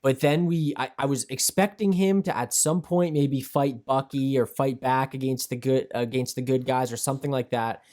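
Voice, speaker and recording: A young man co-hosting a casual podcast, talking at length in an animated, emphatic way. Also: medium pitch, normal speed, hardly any pauses. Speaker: podcast co-host.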